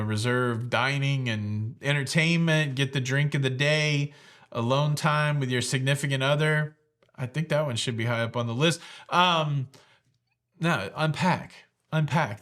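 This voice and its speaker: A man's voice: mid-range voice, moderate pace, fairly bright tone. A man hosting a cruise news vlog, chatting casually and rambling straight to his viewers.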